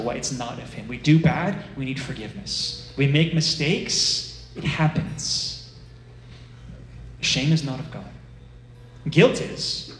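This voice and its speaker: A man giving a sermon in a conversational, animated way, often acting out the inner voices of his listeners. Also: medium pitch, echoey room, a little hiss or hum, poor audio. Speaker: director of a ministry, preacher.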